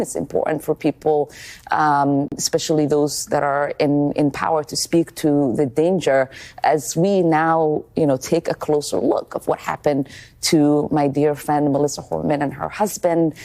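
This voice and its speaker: A woman's voice: low voice, dark tone. A middle-aged congresswoman answering an interview question, hesitant with many fillers and restarts.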